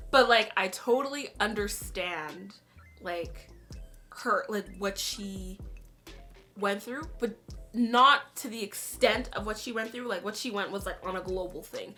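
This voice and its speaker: A woman's voice: mid-range voice, pushed and bright. A young woman hosting a casual reaction vlog, telling a personal story in a chatty way with many fillers. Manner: chatty, storytelling, heavy use of "like". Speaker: YouTube reaction host.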